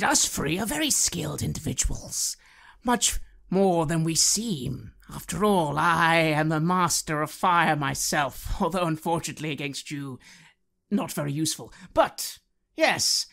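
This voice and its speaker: A woman's voice: low-pitched, gravelly, fairly bright tone, full character voice. A woman voicing a boastful fire mage adventurer who speaks grandly and smugly. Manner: pompous, grandiose.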